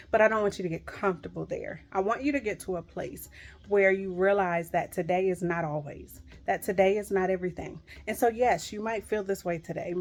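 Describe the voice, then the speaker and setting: A woman's voice: on the low side, a little mellow. A middle-aged woman giving a heartfelt devotional pep talk to viewers, earnest and emphatic, repeating reassuring phrases. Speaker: Christian encourager speaking to viewers.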